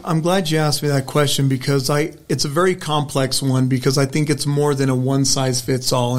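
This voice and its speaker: A middle-aged man, a political candidate, answering an interview question in an earnest, rambling storytelling way with frequent restarts. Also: mid-range voice. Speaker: state senate candidate.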